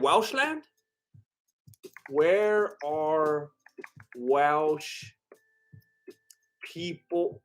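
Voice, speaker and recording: A man with a high voice for a man chats loosely on a live stream. He rambles, jokes and restarts his sentences as he reacts to chat. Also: fairly bright tone. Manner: rambling and joking, with lots of "like" and restarts; loose, chatty, breaks into bits of song.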